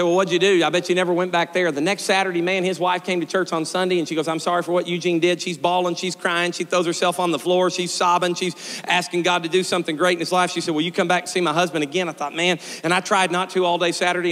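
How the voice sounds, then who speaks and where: A middle-aged male pastor preaching a storytelling sermon, swinging from shouted peaks to quiet, joking asides. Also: sits high. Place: church sanctuary. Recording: long church reverb.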